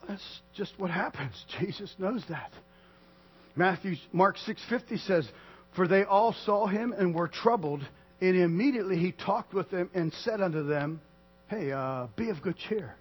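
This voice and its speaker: Husky, high-pitched male preacher talking casually to a small flock, soft then loud, on a muffled recording with hum. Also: normal speed. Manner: conversational, swings from soft to loud, acts out quotes. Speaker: pastor. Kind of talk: sermon. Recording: dull lo-fi sound with mains hum.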